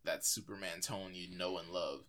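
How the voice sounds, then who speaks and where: A man's voice: low voice, moderate pace, a bit bright. A man co-hosting a podcast, chatting casually about movies in a rambling way with lots of fillers. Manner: rambling, filler-heavy, restarts often. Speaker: podcast co-host.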